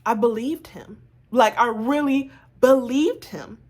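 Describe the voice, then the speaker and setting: A woman vlogger telling a personal story in a casual, animated way, full of asides to her viewers. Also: on the high side, takes it slowly.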